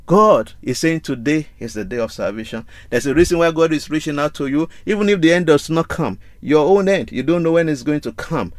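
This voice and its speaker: A man delivering a sermon in a fairly high voice, building his points through repetition and rhetorical questions. The sound is dry and close, with no room echo. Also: expressive, a little fast, few pauses. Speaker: preacher.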